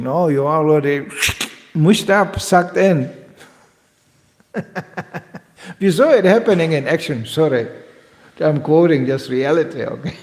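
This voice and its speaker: A man giving a devotional lecture as a spiritual teacher, lively and joking, often acting out other people's voices. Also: fairly high pitch, takes it slowly, pauses often, in a large hall.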